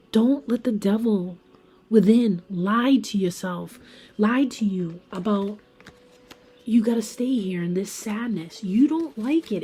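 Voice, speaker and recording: Mellow, husky-voiced woman reading tarot. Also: medium pitch. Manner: chatty, emphatic, talks straight to viewers as "guys". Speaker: tarot reader. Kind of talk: casual pick-a-card tarot reading.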